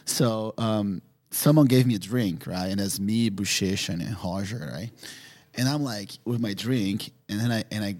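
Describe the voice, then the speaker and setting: A man with an English, his voice sitting a bit low. He tells stories as a podcast guest, animated and quick to laugh, padding his sentences with "you know what I mean". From Brazil. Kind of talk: casual storytelling.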